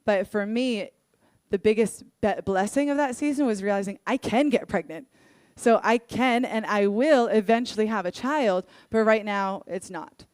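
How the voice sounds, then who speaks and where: Young woman, church worship leader, sermon told through candid personal stories; clear, smooth voice; dry recording. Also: mid-range voice, normal speed, no room sound. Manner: earnest, candid storytelling with lively acted-out quotes.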